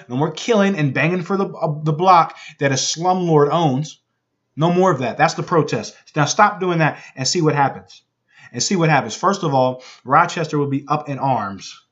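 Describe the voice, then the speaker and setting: A man reading news reports aloud and commenting on them. He repeats phrases for emphasis and keeps checking in with the listener. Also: a little high. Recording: dull lo-fi recording.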